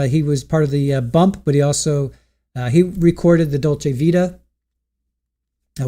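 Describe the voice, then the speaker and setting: Guy doing a chatty trial recap live, kinda high voice but mellow, talks to chat a lot. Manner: chatty, recounts testimony, asks chat questions. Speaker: trial commentary host. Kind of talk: casual live-stream recap.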